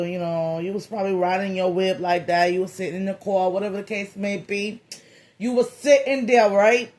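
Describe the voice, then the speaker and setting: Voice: medium pitch, normal speed, a little mellow. A tarot reader giving a comedic reading in a loose, slangy, playful way, with profane jokes and lots of repeated phrases. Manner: profane joking.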